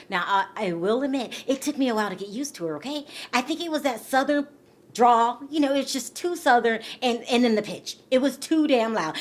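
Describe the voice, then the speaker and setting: A woman's voice: on the high side, expressive, brisk. A woman from California talking casually to her camera about celebrity gossip, chatty and emphatic, repeating words for stress and often asking her viewers "okay?". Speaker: YouTube gossip vlogger.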